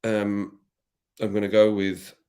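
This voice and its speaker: A man's voice: fairly low pitch, monotone, slow pace, darkish tone. A man vlogging in casual chat, thinking aloud with jokey asides while placing bets.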